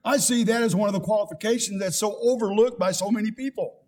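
A man's voice: sits high, quick pace, a little mellow. An older man, a pastor, preaching a sermon with rising emphasis and quoted scripture.

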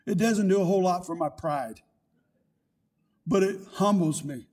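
A man's voice: high-pitched, moderate pace, a little mellow. An older man, a pastor, preaching a sermon with rising emphasis and quoted scripture.

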